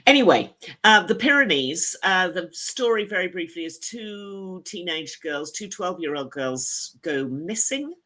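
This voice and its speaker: A woman reviewing television shows in casual chat, lively and talkative, laughing easily. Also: on the low side, unhurried. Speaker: screen critic.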